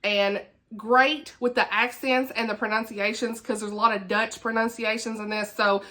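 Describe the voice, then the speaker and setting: A woman's voice: a little high, flat delivery, normal speed, pushed and bright. A woman with a Southern US accent chatting casually as a book vlogger, laughing often and dropping folksy asides. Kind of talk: casual chat.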